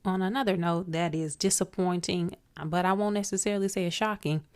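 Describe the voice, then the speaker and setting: A woman's voice: lowish voice, fairly even intonation, a little fast. A woman hosting a solo commentary podcast, outspoken and emphatic, talking straight to her listeners. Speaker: podcast host.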